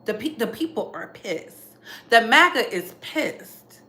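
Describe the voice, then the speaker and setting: Sassy bright-voiced woman dishing gossip. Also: a little high, big pitch swings, takes it slowly, reverberant. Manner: sassy, emphatic, repeats lines for effect. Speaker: commentary channel host. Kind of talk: casual celebrity gossip commentary.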